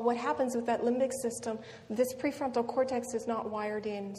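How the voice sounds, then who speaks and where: A middle-aged woman telling a personal story as a seminar speaker, earnest, with frequent ums and tag questions. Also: fairly high pitch. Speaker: guest speaker. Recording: reverberant hall with faint noise.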